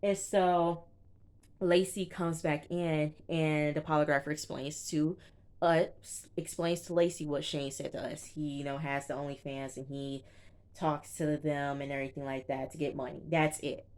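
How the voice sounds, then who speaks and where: A young woman with a low voice chats through a reality show recap. She retells each scene in a loose, animated way and acts out what the people said. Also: normal speed, smooth. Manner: chatty, animated retelling with quoted reactions. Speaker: TV show reviewer. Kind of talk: casual recap commentary.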